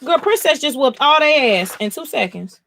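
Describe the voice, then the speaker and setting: A woman hosting a live comic-reading stream, reacting in an animated, profane, exclaiming way. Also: high-pitched, normal speed, creaky, dry recording. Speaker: comic-reading livestream host.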